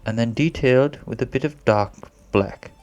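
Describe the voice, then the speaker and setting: A man's voice: medium pitch, normal speed, a little mellow. A man narrating a drawing tutorial as a voice-over in a put-on posh British accent, rambling and a bit self-conscious, as if winging it.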